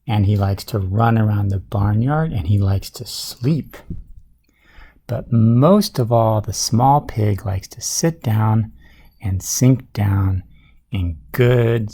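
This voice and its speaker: A man's voice: fairly low pitch, slow, dark tone, husky. A man reading a storybook aloud at bedtime, with playful asides to a child listener. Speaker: storybook reader.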